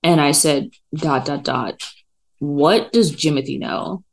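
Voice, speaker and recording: Woman, low-pitched, solo podcast host, casual rambling chat, many fillers, home dining table. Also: slow pace, low-quality recording. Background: dog running around.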